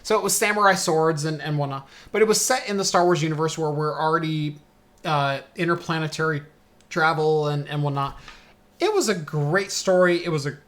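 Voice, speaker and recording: A man hosting a casual chat, relaxed and rambling, trailing off with "and whatnot". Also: a little high, a little fast. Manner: relaxed, talks in long rambling runs with "and whatnot"; hiccupping now and then. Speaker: show host.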